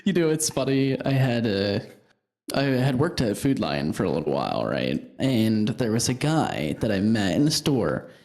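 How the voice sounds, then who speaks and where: A man's voice: lowish voice, sing-song, moderate pace, a little mellow. A man, guest on a podcast, telling casual stories in a laid-back way and chuckling as he talks. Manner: laid-back storyteller, chuckles while talking. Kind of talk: casual chat.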